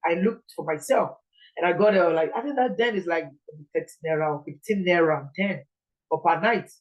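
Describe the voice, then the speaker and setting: A woman's voice: fairly low pitch, normal speed, highs cut off. A Nigerian woman preaching an informal sermon in an earnest, pleading way, repeating her points.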